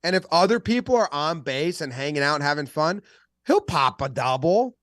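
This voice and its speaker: A man co-hosting a sports podcast, bantering in a joking, lively way and poking fun at accents. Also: a little high, moderate pace, no echo, clean studio sound. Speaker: podcast co-host.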